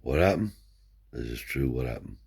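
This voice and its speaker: A man's voice: very deep voice, very animated, normal speed, creaky, darkish tone, breathy edge. An older man, a Romany traveller telling rambling stories in broad dialect, peppered with swearing and "see?". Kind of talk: rambling oral storytelling.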